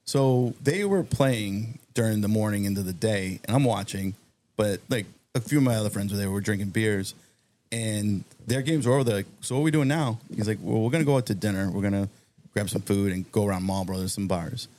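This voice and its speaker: A man telling a long, animated story on a podcast, acting out the other people in it. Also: fairly low pitch, a little fast. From Massachusetts. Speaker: guest storyteller. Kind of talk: casual anecdote on a podcast.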